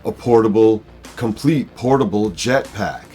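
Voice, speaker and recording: A man's voice: fairly low pitch, measured pace, mellow, faint music behind, close to an everyday voice. A man voicing a smug, scheming male mad-scientist villain from a comic book. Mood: gloating.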